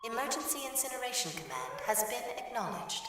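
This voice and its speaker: A man's voice: extremely high pitch, a little fast, pitched above the performer's own voice, heavily acted. Creepy computer lady voice, done by a guy, big echo, far off, music under. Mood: ominous. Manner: flat warning announcement. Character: cold female computer announcer voice.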